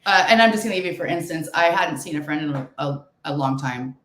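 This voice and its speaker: A middle-aged woman co-hosting a podcast in casual chat, calm and measured with halting restarts. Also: low voice. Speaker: podcast co-host. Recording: echoey room.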